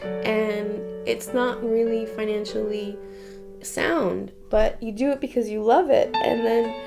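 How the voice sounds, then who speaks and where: Woman, higher voice, casual interview, chatty, laughs a lot, swears, soft music underneath. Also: steady tone, slow, gravelly. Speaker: painter and architect.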